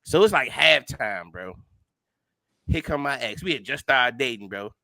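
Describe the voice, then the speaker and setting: A man's voice: mid-range voice, expressive, moderate pace, gravelly, bright, forceful tone, no echo. A man co-hosting a podcast, telling stories in laid-back slangy casual chat and laughing often. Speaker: podcast co-host.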